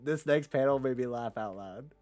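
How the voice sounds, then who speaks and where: Male co-host, relaxed profane review banter, mid-pitched, dry recording. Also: normal speed, no room sound. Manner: loose and profane, acts out characters in quotes. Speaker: podcast co-host. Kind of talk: casual manga review chat.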